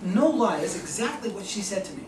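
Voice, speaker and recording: A man giving a lively sales seminar talk to an audience, acting out phone calls with enthusiasm. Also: high voice, a little fast, noisy background. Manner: enthusiastic, animated, acts out both sides of calls. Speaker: real estate agent giving a sales talk. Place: meeting room in front of an audience. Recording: echoey room, mic from a distance.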